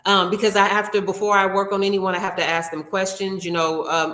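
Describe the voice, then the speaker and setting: A woman's voice: mid-range voice, a little fast, hardly any pauses, sharp tone, reverberant. Earnest woman telling a heartfelt story. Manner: earnest and heartfelt, with frequent restarts and acted-out quotes. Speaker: nail technician and founder, interview guest. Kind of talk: conversational storytelling in an interview.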